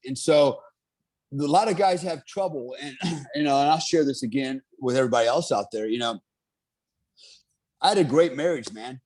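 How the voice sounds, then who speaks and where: A man's voice: mid-range voice, darkish tone. A middle-aged man who is a military veteran, telling his story in a casual interview with an earnest, rambling manner. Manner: rambling, many fillers, earnest.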